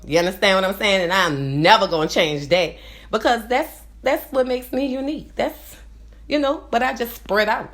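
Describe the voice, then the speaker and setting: A woman's voice: mid-range voice, normal speed. A woman in her forties with a nasal New Orleans accent, rambling to her viewers in a casual monologue and often checking in with "you understand?". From New Orleans, USA. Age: 40s. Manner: rambling, repeats "you understand?", swings between loud and quiet. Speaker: vlogger.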